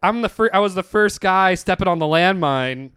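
Laughing, animated man telling stories. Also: high voice, normal speed, clean tone, no room sound, clean studio sound. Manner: animated storyteller, laughs a lot, acts out quoted voices. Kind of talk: casual podcast chat.

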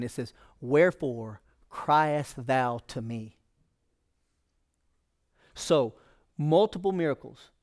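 A man's voice: mid-range voice, dark tone. A male pastor preaching a sermon in a folksy, conversational way.

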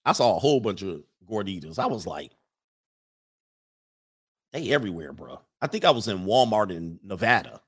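A man's voice: fairly low pitch, very animated, fast talker, hardly any pauses, slightly rough. Blunt rambling male livestream host. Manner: rambling, laughing, blunt opinions. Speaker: livestream host reading viewer comments. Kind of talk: casual livestream chat.

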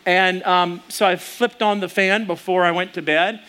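A man's voice: high-pitched, steady tone, moderate pace, sharp tone, clear, resonant tone. A man in his thirties, a pastor preaching a sermon in a casual, storytelling way with asides to the congregation.

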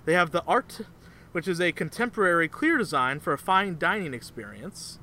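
A man with a high, bright voice whose pitch swings widely, chatting casually as a podcast co-host. He rambles through stories and trivia in a mock-serious deadpan, with a faint background hiss. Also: moderate pace. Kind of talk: casual chat.

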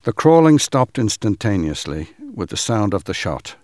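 A man giving a measured, dramatic reading of a first-person account. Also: fairly low pitch, sing-song, a little mellow, no room sound, studio quality.

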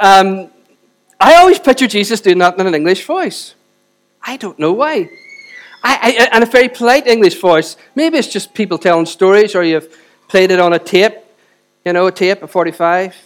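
A middle-aged man preaching a sermon and leading prayer, animated, with joking asides and rising emphasis. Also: high-pitched, moderate pace. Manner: animated, self-deprecating asides, builds to forceful emphasis. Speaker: pastor.

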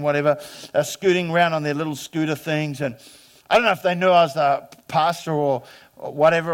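Man, 50s, pastor, sermon, high voice, emphatic, loud then hushed.

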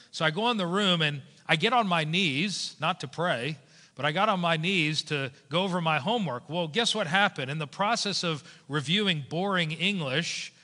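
A man preaching a sermon as a pastor, animated and storytelling, switching into voices for the people in his stories. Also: a little high, normal speed. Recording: long hall reverb.

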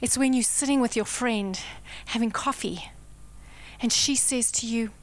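Dramatic high-voiced woman preacher. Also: measured pace. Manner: dramatic, swings from intense whispers to loud declarations. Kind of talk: sermon.

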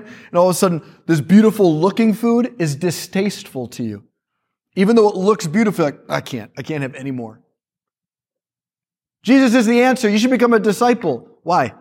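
A male priest speaking to a church audience, telling stories in a lively way with quick asides. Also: a little high.

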